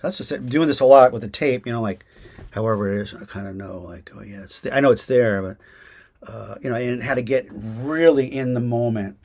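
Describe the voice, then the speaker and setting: A man of middle pitch answers interview questions over a video call. He talks in a lively, animated way, stops and restarts often, and sounds like an actor who also teaches. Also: fairly quick. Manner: animated, many restarts and fillers.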